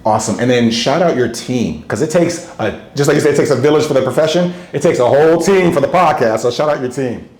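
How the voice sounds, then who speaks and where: A man's voice: mid-range voice, animated, fast talker, hardly any pauses, darkish tone, echoey room. A male interview host who talks with enthusiasm and hype, laughing often and cheering on his guest. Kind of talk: interview conversation.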